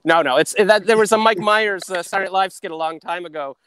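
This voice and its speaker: A man's voice: high-pitched, fast talker, sharp tone, smooth, no room sound. A man riffing as a guest comedian on a video call, rambling and self-deprecating, calling in by phone from outdoors in a park. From Canada.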